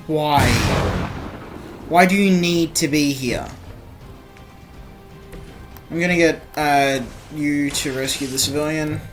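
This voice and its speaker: A woman casually commentating as she plays a video game, chatting and thinking aloud. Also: sits low. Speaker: gamer, let's play host.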